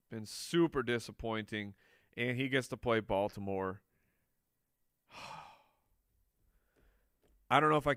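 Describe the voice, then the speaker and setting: Joking with the crew and laughing often, a fantasy football analyst handles viewer questions in a casual, chatty live Q&A. His voice is medium in pitch, bright, smooth, and forceful. The audio is clean studio sound without echo.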